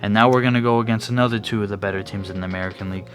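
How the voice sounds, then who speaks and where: This young man's lowish, fairly bright voice races along in a steady tone as he hosts a solo sports podcast. His talk is casual and rambling, full of restarts and fillers, with some yawning, and faint music plays in the background.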